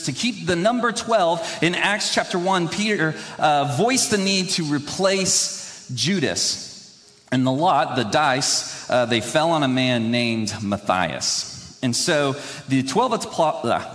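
Rambling young preacher in an echoing hall. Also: male voice, on the high side, fairly bright tone. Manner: rambling, self-deprecating, laughs often. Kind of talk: conversational sermon. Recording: long hall reverb.

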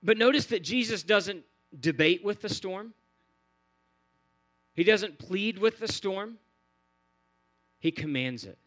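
A man's voice: sits high, expressive, takes it slowly, pauses often, a bit bright. A man preaching a sermon in an earnest, repetitive cadence, building phrase on phrase. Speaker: pastor.

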